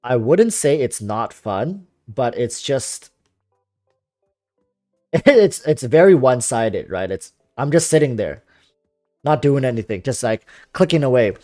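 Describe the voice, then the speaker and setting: A young man streaming a game, chatting casually with a calm, relaxing voice while he rambles through viewer comments and answers their questions. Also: medium pitch, a little slow, no room sound, studio quality, faint music behind. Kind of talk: casual livestream chat.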